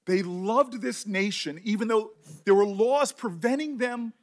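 An impassioned middle-aged man speaks at a formal hearing, his voice sitting higher than most men's. He talks with deep emotion and keeps stumbling and restarting his words as feeling catches up with him. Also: a little slow. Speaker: senator. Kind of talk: speech at a hearing.

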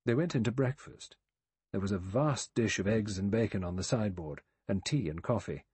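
A man narrating an audiobook in a measured, even reading. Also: on the low side, breathy edge, no echo. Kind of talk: scripted narration.

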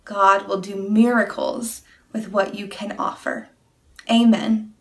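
A woman giving a children's message in a church service, speaking gently to the kids. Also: medium pitch, steady tone, gravelly. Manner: gentle, unhurried, addressing kids.

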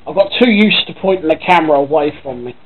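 A man's voice: a little high, animated, fast, background noise. Chatty Norfolk man, tinny lo-fi sound. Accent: Norfolk English. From Norfolk, England. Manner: rambling, chatty, swears casually. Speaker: vlogger. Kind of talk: casual vlog chat. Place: at home by his computer.

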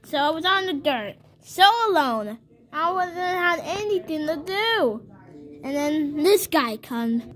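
A woman voicing a small, naive, earnest baby toy in a homemade toy story, telling its tale in a rambling, halting way with many restarts. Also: sits high, expressive, a bit bright, exaggerated voice. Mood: plain.

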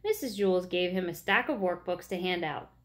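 A woman reading a children's story aloud in a gentle, expressive way. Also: lowish voice, moderate pace.

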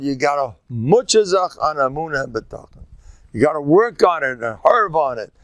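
A man's voice: fairly high pitch, expressive, moderate pace, fairly bright tone, no room sound. An older man, a rabbi giving an informal Torah talk, folksy and joking, sprinkling Yiddish and Hebrew words and jumping between teaching and banter.

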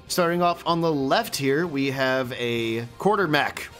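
A man's voice: medium pitch, a little slow, a bit bright, soft background music. A young man co-hosting a playful gaming chat, teasing and laughing often. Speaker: gaming channel co-host.

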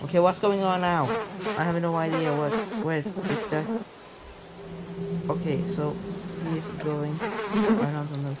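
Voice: medium pitch, unhurried, pauses often, noisy background. A gaming YouTuber giving jumpy, exclaiming playthrough commentary, often startled and joking at himself. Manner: jumpy, exclaiming, self-mocking.

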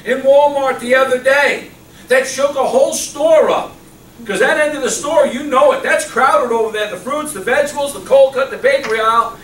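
A middle-aged male pastor preaching a sermon, swinging from loud exclamations to soft, low murmurs, recorded in a church. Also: moderate pace. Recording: echoey church hall, mic at a distance, faint hum.

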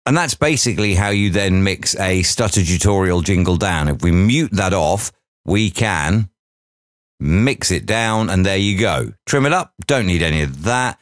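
A man with a deep voice guides the listener through an audio editing job. He talks casually, narrating each click and adding little asides. The sound is dry and close, with faint music underneath. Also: lively intonation, normal speed, no room sound. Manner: chatty, narrates each step aloud with asides. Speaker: audio producer teaching editing. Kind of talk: software tutorial walkthrough.

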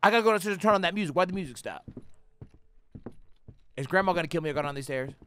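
A young man giving profane, slangy commentary on a horror game, yelling and cursing at jump scares. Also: on the high side, animated, racing, clear, resonant tone. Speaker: gaming YouTuber. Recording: faint background noise.

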